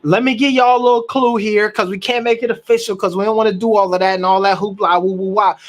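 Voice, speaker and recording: A man's voice: high voice, quick pace. A man hosting a live reaction stream, talking emphatically and repeating words as he works through his thoughts. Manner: animated, emphatic, repeats words while thinking.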